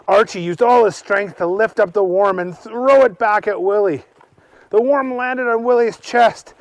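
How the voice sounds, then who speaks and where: Slow-telling man narrating a kids story outdoors. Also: sits high, lively intonation, no room sound. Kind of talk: improvised children's story narration. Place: outdoors on a hike.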